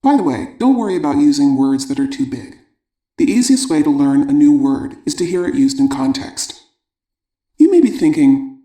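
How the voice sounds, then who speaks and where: A man reading a parenting audiobook in a calm, measured way. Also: a little high, reverberant. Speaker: audiobook narrator. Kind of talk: scripted audiobook narration.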